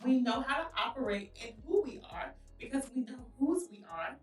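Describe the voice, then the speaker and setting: A woman's voice: high voice, expressive, reverberant, far from the mic, faint music behind. A woman co-hosting a faith-based podcast, speaking in bold declarations and affirming her co-host. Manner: affirming, declarative, quick to laugh along.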